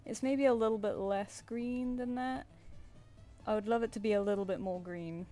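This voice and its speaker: With faint music behind her, a woman speaks in a mid-range, dark-toned voice at normal speed and with fairly even intonation. She is an English streamer and artist with a Southern English accent, drawing and chatting casually in her flat with a cat, rambling and restarting as she talks.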